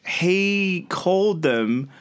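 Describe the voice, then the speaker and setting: This casual storytelling interview takes place in a studio, where an Australian radio host in his thirties tells rambling anecdotes and often laughs in the middle of sentences. His voice sits high and sounds expressive and smooth, delivered very slowly.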